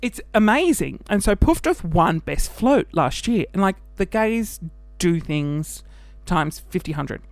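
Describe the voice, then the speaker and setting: A podcast host with an Australian accent and a high voice chats casually on his own show, with no room sound. He comes across as animated and camp, laughing and dropping in quick mock voices.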